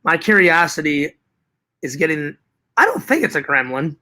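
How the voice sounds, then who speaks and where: A man hosting a live stream talks with a high, bright voice. He chats casually, answering his viewers' messages. His talk is animated and full of swearing, and he often says the same line twice. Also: normal speed. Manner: animated, profane, repeats himself. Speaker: live stream host reading chat.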